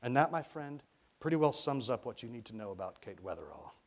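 A man voicing a preoccupied adult man in a storybook reading, speaking in a low murmur. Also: sing-song, fairly quick. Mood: distracted. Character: distracted adult man minding a boy.

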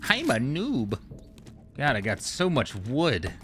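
A man giving casual gameplay commentary, excitable and profane, joking with the characters he meets. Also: mid-range voice, takes it slowly, slight background noise. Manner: excitable, profane, jokey, talks to game characters. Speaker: gamer streamer. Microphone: studio microphone.

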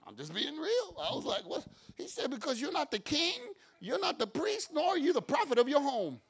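A man preaching a sermon as pastor, moving from quiet talk to shouted preaching and acting out his own prayers and God's answers. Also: very high voice, very animated, normal speed, creaky.

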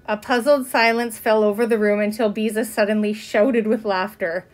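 A woman reading a children's chapter book aloud, with expressive narration. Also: mid-range voice, normal speed, few pauses. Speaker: reader. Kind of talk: storybook narration.

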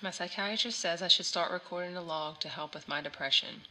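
A woman voicing a troubled mother in a horror game, speaking her recorded audio log in a flat, weary way. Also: fairly low pitch, fairly quick, rough recording. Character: troubled mother hiding a dark family secret.

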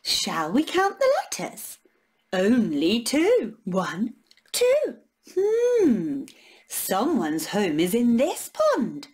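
A woman's voice: on the high side, wildly swooping pitch, very slow, darkish tone. A woman reading a picture book aloud to young children, playful and full of gasps and sing-song counting. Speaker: children's storyteller.

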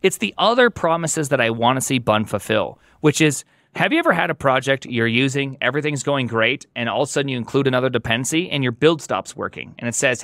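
A man talking as a podcast guest in casual tech chat, animated and opinionated, with emphatic delivery. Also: mid-range voice, fast talker, hardly any pauses, dry recording, clean studio sound.

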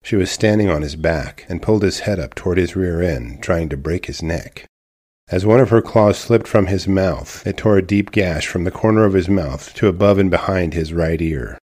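A man narrating a true wildlife-attack story in a measured, scripted telling. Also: deep voice, darkish tone.

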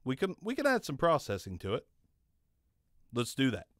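His pitch swoops wildly as he talks at normal speed, his mid-range voice fairly bright and free of echo. This channel host is doing an offhand, jokey, self-mocking review of a microphone, captured on a condenser studio mic in a home studio.

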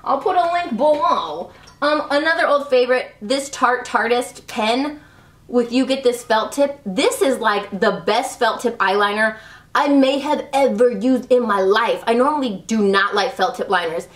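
A woman's voice: a little high, moderate pace, far from the mic. Gushing, chatty woman in a roomy space. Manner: gushing, chatty, full of "like" and "love". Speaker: beauty vlogger. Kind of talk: casual product review chat. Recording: roomy, a little off-mic.

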